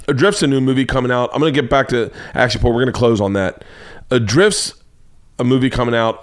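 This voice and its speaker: An American man in his forties talks through his own comedy show in a loose, rambling monologue. He swears freely and tells stories with animated energy. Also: mid-range voice. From United States. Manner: profane, rambling, animated storytelling. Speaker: comedian podcast host.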